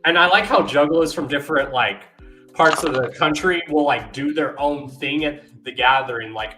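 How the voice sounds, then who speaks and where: A man's voice: medium pitch, pushed and bright. A man from Colorado, a podcast guest talking in a laid-back, casual way, full of "like". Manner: laid-back, says like a lot.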